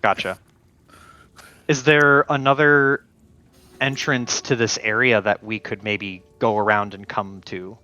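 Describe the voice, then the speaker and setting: A man's voice: lowish voice, fairly even intonation, measured pace, pauses often, bright, forceful tone, highs cut off. A man playing a tabletop game, brainstorming plans and thinking aloud in casual chat.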